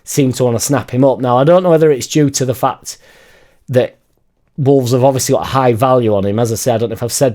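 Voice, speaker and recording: Yorkshire man, casual vlog chat, rambling, swears a lot, dark mellow tone. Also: medium pitch. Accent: Yorkshire English. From Leeds, England. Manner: rambling, chatty, swears freely. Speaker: football fan YouTuber.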